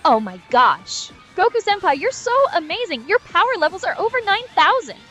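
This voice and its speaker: A giddy, over-the-top anime fangirl squealing and gushing, as a synthetic woman's voice puts her on. Her voice is high and bouncy, and everything is exaggerated and cutesy. Faint music plays behind her. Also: very animated, normal speed, bright, forceful tone, heavily acted.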